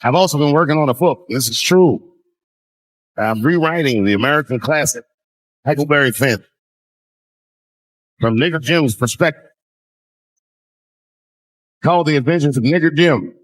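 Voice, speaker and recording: A man in his forties performing a loose, profane stand-up set, drawling with sudden jumps in pitch. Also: moderate pace, long pauses. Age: 40s. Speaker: stand-up comedian.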